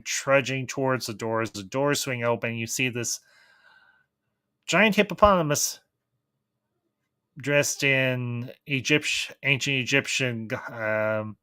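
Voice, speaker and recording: A man giving a casual, enthusiastic review of a TV series, pausing and restarting as he thinks aloud. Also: mid-range voice, pushed and bright, clear, resonant tone, no echo. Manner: thoughtful, enthusiastic, with frequent restarts. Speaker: film reviewer.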